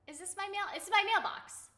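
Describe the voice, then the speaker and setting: A woman's voice: very high-pitched, echoey room, heavy background noise. A woman and voice actor chatting on a casual game stream, giggling often and reading viewer comments aloud. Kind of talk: casual live-stream chat.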